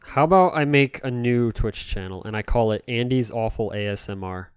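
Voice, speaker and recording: A man's voice: medium pitch, moderate pace, clear, resonant tone, no room sound. A man chatting casually to his live-stream viewers while cleaning a console, rambling and self-deprecating, laughing often.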